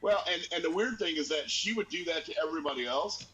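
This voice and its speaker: A man's voice: fast talker, muffled recording. Chatty man telling family stories. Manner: animated storyteller, squeaky voice for grandma. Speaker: podcast co-host. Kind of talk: casual storytelling chat.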